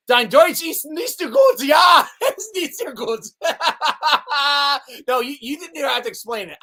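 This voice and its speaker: A man hosts a live sports chat stream with a bright, forceful voice whose pitch bounces all over. He jokes around playfully and laughs often, keeping it loose and casual. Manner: playful, joking, animated. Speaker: sports show host.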